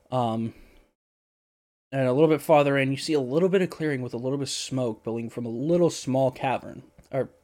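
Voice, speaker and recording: Rambling man running a tabletop game. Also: mid-range voice. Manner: rambling, full of ums and self-corrections. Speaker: game master.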